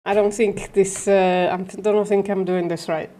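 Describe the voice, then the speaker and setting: A woman hosting a casual livestream, working through logic aloud in a halting, self-correcting way, swearing and laughing at herself. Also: medium pitch, flat delivery, dark tone. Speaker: livestream host.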